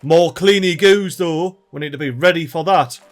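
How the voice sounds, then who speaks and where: A man with a Geordie accent giving excitable, slangy, mildly sweary commentary as he plays a game. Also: on the high side, normal speed, soft background music. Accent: Geordie, North East England. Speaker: let's play host. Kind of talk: gameplay commentary.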